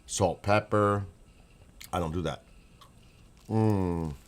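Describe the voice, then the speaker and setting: A man's voice: deep voice, unhurried. A man vlogging at home, chatting casually and enthusiastically, rambling and repeating himself. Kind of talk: casual chat.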